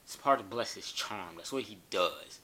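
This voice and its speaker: Animated, bright-voiced joking man. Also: fairly low pitch, a little slow, husky. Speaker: storyteller. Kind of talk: casual storytime.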